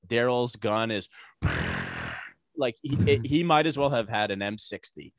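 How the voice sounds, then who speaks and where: Rambling, low-voiced man telling a story. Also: moderate pace, no room sound. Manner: rambling, animated storytelling with many fillers; profane, sarcastic. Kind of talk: casual storytelling chat.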